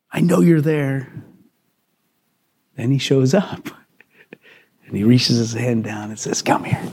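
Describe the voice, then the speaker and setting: A man's voice: mid-range voice, a little mellow. A man, a pastor, preaching a conversational sermon to his congregation, asking questions and laughing often. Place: church hall.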